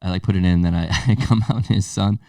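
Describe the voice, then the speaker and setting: A man's voice: low-pitched, quick pace, darkish tone, no echo, clean studio sound, distant mic. A man co-hosting a podcast, telling stories in casual chat and laughing through them. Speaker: podcast co-host.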